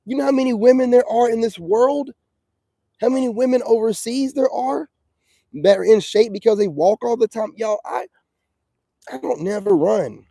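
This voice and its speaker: A man's voice: high-pitched, expressive, normal speed, gravelly, warm tone, no room sound. A man hosting a casual livestream, giving streetwise dating advice in a preachy manner and reacting to viewer comments.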